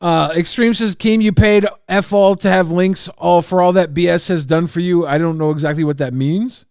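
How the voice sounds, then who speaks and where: A man with a slightly raised voice hosting a livestream, dry and close to the mic. He reads out donations in a wry, halting way with repeated words. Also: high voice, fairly even intonation, darkish tone, clean tone, no echo. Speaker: livestream host. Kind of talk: livestream talk show.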